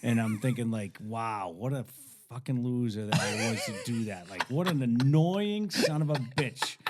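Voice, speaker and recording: A man's voice: medium pitch, lively intonation, moderate pace, noisy background. A man in his forties, a podcast guest, telling a self-mocking story in casual chat.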